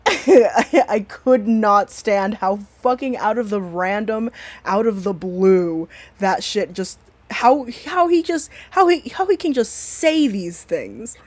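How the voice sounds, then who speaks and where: A woman's voice: medium pitch, animated, slow pace. A woman hosting a stream in casual chat, blunt and profane, rambling with many restarts. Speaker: stream host.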